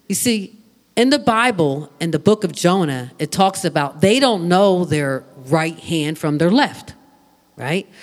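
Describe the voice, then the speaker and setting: A preacher in full sermon flow, with a lively voice that rises and falls. The delivery is animated, full of restarts and repeated words. Questions are thrown straight out to the congregation. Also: medium pitch.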